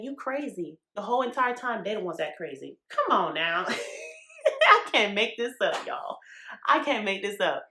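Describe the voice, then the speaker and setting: Emphatic low-voiced woman podcaster, echoey room. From New York. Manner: emphatic and animated, talks straight to the audience with slang. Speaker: podcast host. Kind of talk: casual monologue to listeners.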